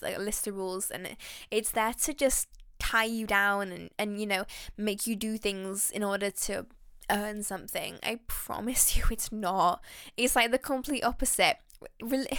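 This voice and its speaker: A woman hosting a faith podcast, talking in an excitable, heartfelt and rambling way. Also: mid-range voice, no room sound, studio quality. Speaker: podcast host.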